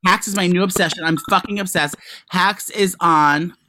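A man's voice: sits high, normal speed, sharp tone, a little hiss or hum. A man co-hosting a podcast in casual chat, telling stories in loose rambling bursts with crude asides and restarts. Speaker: podcast co-host.

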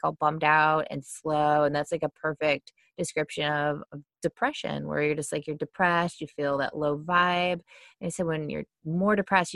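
A woman's voice: deep voice, creaky, dry recording, studio quality. A woman coaching in a casual, explanatory way, full of fillers and acted-out complaints. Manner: chatty, many fillers, acts out quoted complaints.

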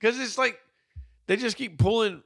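A man's voice: extremely high pitch, normal speed, gravelly, fairly bright tone, no echo, studio quality. A man in casual movie-riffing chat, profane and joking, trading bits with a co-host. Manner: profane, joking, slips into mock voices.

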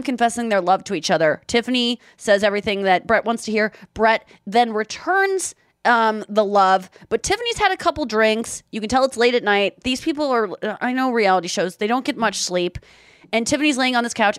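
A woman co-hosting a podcast in casual chat, telling stories with lively acted-out quotes. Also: medium pitch, no room sound, studio quality. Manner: animated storytelling, acts out quotes. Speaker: podcast co-host.

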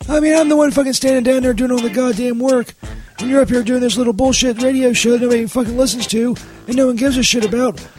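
A man's voice: extremely high pitch, fairly even intonation, quick pace, darkish tone, soft background music. A man playing Peter, a shifty, profane man who runs a haunted house, in a comedy radio sketch. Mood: defiant. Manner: defiant, profane, grumbling.

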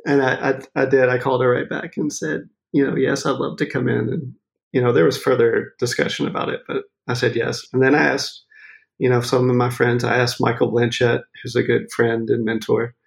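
Gravelly animated storyteller man. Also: mid-range voice, fairly quick. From Maine. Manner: laughing, animated storyteller acting out quotes. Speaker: photographer guest. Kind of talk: casual interview storytelling.

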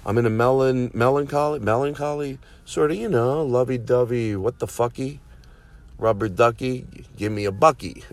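A man's voice: medium pitch, moderate pace. Man, podcast host, casual comedic monologue, rambling, profane, self-mocking.

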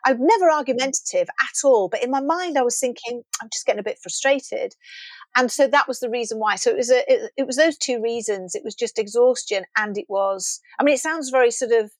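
A middle-aged woman, a former children's TV presenter, reminisces as a guest in an interview, telling stories animatedly and acting out the lines of people she quotes. Her voice is fairly high-pitched and a little fast with few pauses, and there's no room sound.

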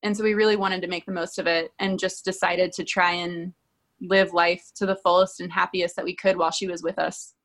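A woman's voice: on the low side, little pitch movement, a little fast, a bit bright. A woman guest candidly telling a personal story in an interview, talking conversationally. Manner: candid, conversational, many "like" fillers.

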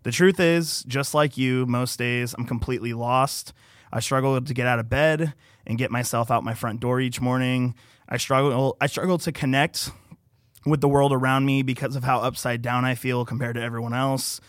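Soft-spoken man in a dry studio. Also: mid-range voice, steady tone, moderate pace, no echo. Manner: earnest, soft-spoken, reads his own writing aloud. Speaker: podcast engineer. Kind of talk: casual podcast conversation. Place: podcast studio.

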